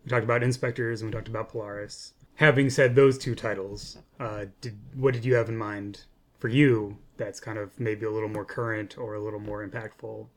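A man co-hosting a podcast about game design, explaining in a relaxed, conversational way full of "like" and "you know". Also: lowish voice, fairly quick. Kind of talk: casual design discussion.

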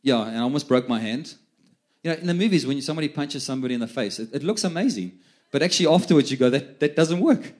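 A man's voice: mid-range voice, lively intonation, racing. A middle-aged man preaching a sermon, telling stories in a chatty way and often repeating words as he restarts. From South Africa. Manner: conversational storytelling with many repeated words.

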